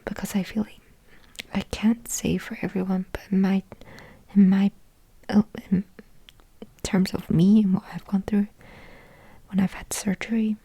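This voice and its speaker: A young woman whispering a soft, musing ASMR ramble into a close microphone, thinking aloud with lots of fillers. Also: mid-range voice, slightly rough, no room sound. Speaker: ASMR creator.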